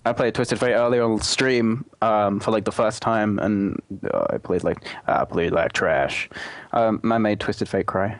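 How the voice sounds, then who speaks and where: A man guesting on a podcast, low-key and a bit apologetic in casual chat. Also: steady tone, normal speed, few pauses, no echo.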